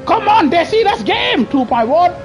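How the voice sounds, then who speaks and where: Excitable high-voiced woman streamer. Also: normal speed, music in the background. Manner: excitable, trash-talking other drivers, bursts into shouting. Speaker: gaming streamer. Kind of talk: live racing gameplay commentary.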